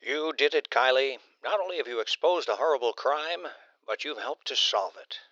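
Narrator doing a gravelly, coaxing man; lively pitch, lo-fi sound. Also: normal speed, dry recording, natural voice. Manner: coaxing, reassuring.

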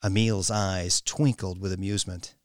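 A man narrating a novel, with an expressive, swooping delivery. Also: sits low, moderate pace, no echo, studio quality. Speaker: audiobook narrator. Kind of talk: scripted narration.

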